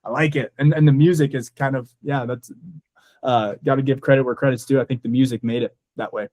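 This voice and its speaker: A man's voice: mid-range voice, fairly even intonation, brisk, a little mellow, no room sound. A man co-hosting a casual movie podcast, talking with enthusiasm and leaning on "like" as a filler. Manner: enthusiastic, heavy use of "like". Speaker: podcast co-host.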